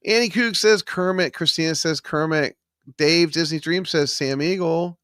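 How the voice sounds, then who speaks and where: A man's voice: fairly high pitch, gravelly, fairly bright tone, no echo. A man hosting a live trivia stream from his studio, reading out viewers' chat answers with lots of ums. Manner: reads chat names aloud, many fillers. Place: home studio. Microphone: studio microphone.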